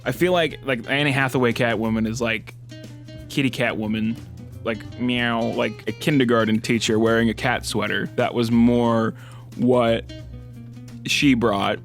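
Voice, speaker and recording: A man's voice: mid-range voice, steady tone, unhurried, faint music behind. A young man giving a casual, rambling film review, full of "like" fillers and frequent laughter. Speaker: movie reviewer.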